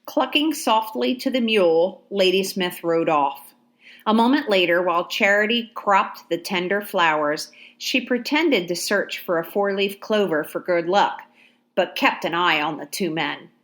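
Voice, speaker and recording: A woman reading a novel aloud in a measured, even storytelling manner. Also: medium pitch. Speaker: narrator. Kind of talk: audiobook narration.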